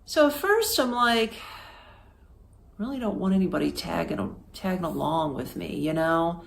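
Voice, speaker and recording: A woman from Florida with a slightly low voice, spinning a travel tale for her podcast. She talks in a loose, chatty way, dropping plenty of fillers and acting out what people said. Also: animated, moderate pace, vocal fry. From Florida, United States. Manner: chatty, with many fillers and acted-out quotes. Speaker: podcast host. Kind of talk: casual storytelling.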